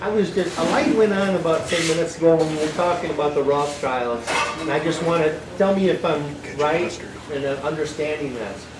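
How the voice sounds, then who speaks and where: A man's voice: fairly high pitch, moderate pace. A man from the audience asking a question at a meeting, hesitant and thinking aloud. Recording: roomy hall with background noise.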